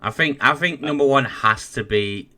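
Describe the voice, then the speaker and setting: A man's voice: medium pitch, normal speed, bright, forceful tone. A man co-hosting a casual wrestling podcast, reading out lists and joking, swearing now and then. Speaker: podcast co-host.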